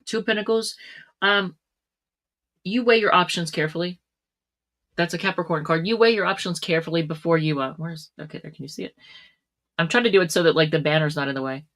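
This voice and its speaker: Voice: mid-range voice, fairly quick, long pauses, fairly bright tone. A tarot reader giving a casual reading to camera, chatty, with frequent laughs and plenty of fillers.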